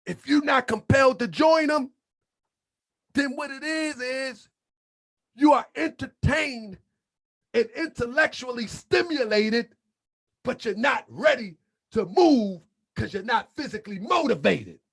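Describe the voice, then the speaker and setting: High gravelly guy preaching hard, shouts and repeats himself, bit under the weather. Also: expressive, unhurried, pauses often. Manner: fiery, shouting and repeating phrases; colloquial, drops into muttered asides. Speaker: channel host. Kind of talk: impassioned preaching monologue.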